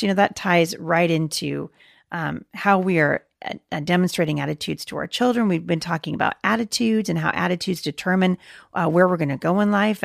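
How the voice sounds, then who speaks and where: A woman's voice: fairly low pitch, creaky, no room sound, studio quality. A woman host giving an earnest devotional talk to moms, quoting scripture with frequent fillers and restarts. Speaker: podcast host teaching moms.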